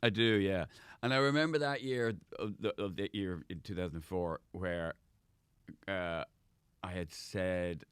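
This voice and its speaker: A man's voice: sits low, steady tone, measured pace, a bit bright, smooth, no room sound. A man, a comedian guest, telling rambling anecdotes with lots of restarts in a casual chat.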